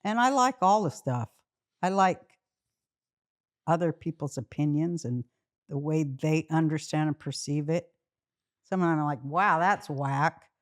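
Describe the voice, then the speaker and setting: A woman guest telling lively stories in casual chat, often breaking into laughter. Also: deep voice, a little slow, long pauses. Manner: animated storytelling, laughs often.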